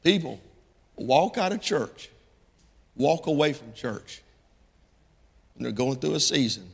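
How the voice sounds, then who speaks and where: A middle-aged man preaching a sermon in a folksy style that climbs into impassioned, shouted passages. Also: medium pitch, expressive, slow pace, vocal fry, husky, big-room sound.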